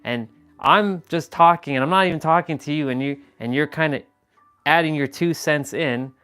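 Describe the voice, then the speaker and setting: A man's voice: fairly high pitch, moderate pace, sharp tone, smooth, faint music behind. Exasperated rambling young man. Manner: rambling and exasperated, with frequent laughs and casual swearing. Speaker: livestream host. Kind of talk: casual livestream chat.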